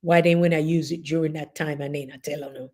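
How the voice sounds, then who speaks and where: A low-voiced, middle-aged woman with a Jamaican accent speaks a little fast as host of a casual group chat. Laughing and animated, she tells stories in a chatty manner.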